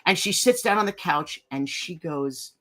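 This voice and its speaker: Male filmmaker guest from Miami; raised pitch, energetic, rambling anecdotes with "you know"s and cursing. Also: normal speed, faint music behind. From Miami, Florida, US. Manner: animated, profane, rambling with many fillers and restarts. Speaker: documentary filmmaker, podcast guest. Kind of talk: anecdotal storytelling in a podcast interview.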